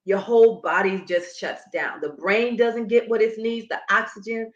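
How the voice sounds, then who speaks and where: A woman's voice: medium pitch, fairly even intonation, moderate pace, lo-fi sound. A woman who coaches Pilates and breathing, explaining emphatically in a conversational interview. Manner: emphatic, instructive, demonstrating as she explains. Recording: echoey room.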